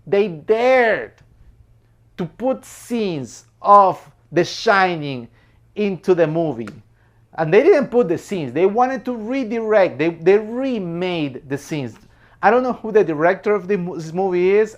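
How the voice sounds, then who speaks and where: A man giving a casual, opinionated film commentary. He talks emphatically, keeps apologizing, repeats himself and laughs between points. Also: sits high. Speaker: movie reviewer.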